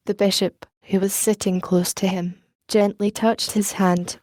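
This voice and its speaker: Female audiobook narrator; mellow, dry studio read, even and unhurried. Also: mid-range voice, dry recording. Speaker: audiobook reader. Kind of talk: audiobook narration reading all parts.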